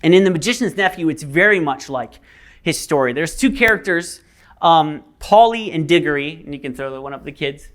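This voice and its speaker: A man's voice: fairly high pitch, animated, fairly quick, a bit bright. A male pastor giving a sermon, telling a story casually with fillers.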